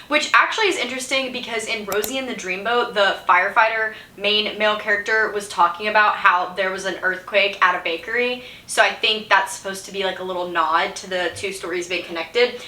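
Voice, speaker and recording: A young woman chatting casually in a book vlog, giggly and full of fillers, giving quick updates between reads. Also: medium pitch, sharp tone. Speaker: book vlogger. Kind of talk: casual reading vlog chat. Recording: roomy echo.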